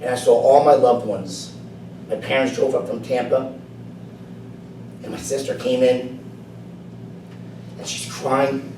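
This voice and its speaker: A man giving a prepared personal speech at a club meeting, telling his story earnestly, going soft at times and then building to emphatic lines. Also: mid-range voice, fairly even intonation, slow pace, long pauses. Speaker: club speaker. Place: meeting room. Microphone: far camera. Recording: echoey room from far off, faint noise.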